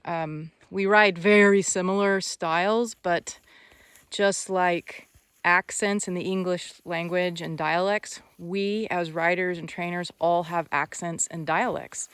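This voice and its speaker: A woman horse trainer vlogging outdoors on a country ranch. She talks in a relaxed, chatty way, encouraging as she goes and working her thoughts out aloud. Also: fairly low pitch, clean tone, no room sound. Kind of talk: casual vlog narration.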